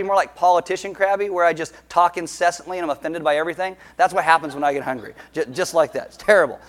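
Guy preaching, kinda high voice, cracks jokes mid-sermon, lively. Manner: jokey, animated storytelling with quick asides. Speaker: pastor.

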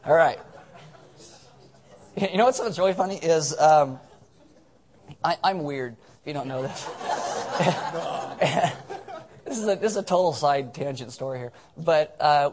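His voice is a little high and darkish, at a normal speed. As pastor, he rambles and cracks jokes at his own expense while drowsy on cold medicine, giving a casual sermon with announcements.

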